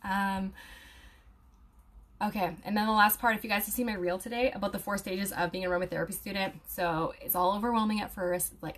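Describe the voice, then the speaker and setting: A young woman who studies aromatherapy hosts a live stream, chatting casually with viewers and reading their comments out loud. She talks fast at a medium pitch with fairly even intonation, filling her speech with fillers and laughter.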